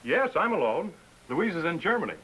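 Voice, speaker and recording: A man's voice: a little high, sing-song, fairly quick, sharp tone, husky, heavily acted, poor audio. An actor playing a joking, teasing American businessman-adventurer, in 1950s TV drama style.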